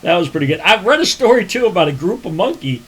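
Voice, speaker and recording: A man co-hosting a casual podcast, throwing in crude jokes and quick agreeing replies. His voice is a bit high for a man. His pitch jumps around a lot. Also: big pitch swings, breathy edge. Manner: crude, joking banter with short agreeing replies. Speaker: podcast co-host. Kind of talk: casual chat.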